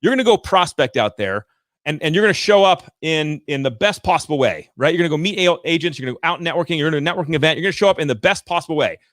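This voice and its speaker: A man's voice: fairly high pitch, animated, rapid-fire, fairly bright tone, no echo. A man hosting a live show, giving direct, emphatic coaching talk with points repeated for effect, in a room with large windows on a studio microphone.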